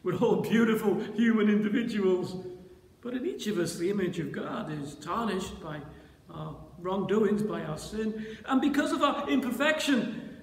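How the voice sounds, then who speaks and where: High-voiced preacher in an echoing church. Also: male voice, animated, moderate pace. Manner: dramatic, voice rising to shouts when voicing the disciples. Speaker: pastor. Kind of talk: sermon. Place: church sanctuary. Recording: roomy church reverb.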